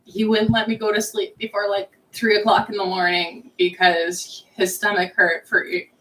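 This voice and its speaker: A woman's voice: mid-range voice, flat delivery, normal speed, a bit bright, rough recording. A woman co-hosting a live stream, reading viewer comments aloud and chatting casually, with frequent laughter.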